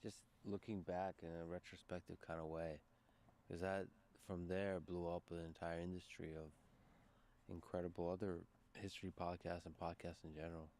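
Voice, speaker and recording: A man's voice: deep voice, little pitch movement, moderate pace, a little mellow. A man hosting an interview, asking loose, enthusiastic questions peppered with fillers. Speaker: podcast interviewer. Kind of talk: conversational interview.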